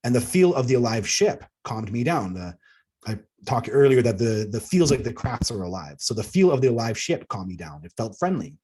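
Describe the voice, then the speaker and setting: A man's voice: medium pitch, darkish tone, breathy edge. A man reading aloud from his own book about alien contact, earnest, with casual asides to the audience. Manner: earnest, breaks into laughs at himself. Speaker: author.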